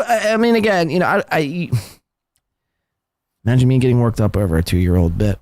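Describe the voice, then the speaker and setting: A man hosting a podcast, commenting on played clips in a mocking, sarcastic way that swings up into a high pitch when he ridicules someone. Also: animated, brisk, pauses often, a little mellow, dry recording, studio quality. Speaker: podcast host.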